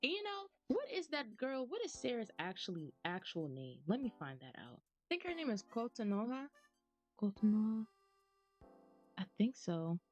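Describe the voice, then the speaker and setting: A young American woman, a gaming YouTuber, gives chatty, rambling commentary over a video game and laughs often. Her slightly high, slightly mellow voice has huge pitch swings at a normal speed. The recording is slightly dull, with faint music.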